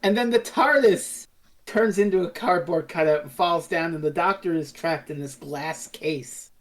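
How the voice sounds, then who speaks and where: A woman co-hosting a casual review podcast, retelling scenes and acting out lines in quick voices. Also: fairly low pitch. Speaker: podcast co-host.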